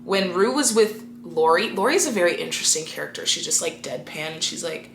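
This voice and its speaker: A young woman chatting casually to camera about a TV episode, animated and slangy. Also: on the low side, fairly quick, creaky, reverberant, a little hiss or hum. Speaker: video creator reviewing a TV episode.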